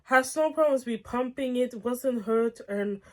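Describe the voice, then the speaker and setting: A woman's voice: a little high, measured pace, a little mellow. A young woman reading online posts aloud and reacting in a casual, outspoken way, swearing and getting heated. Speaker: storytime reactor.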